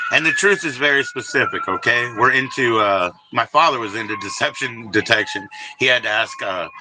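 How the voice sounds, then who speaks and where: A man's voice: medium pitch, poor audio. A man hosting a casual livestream, talking loosely and profanely to viewers by name and rambling with lots of asides. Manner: loose and profane, talks straight to chatters by name; rambling, many fillers and asides. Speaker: livestream host.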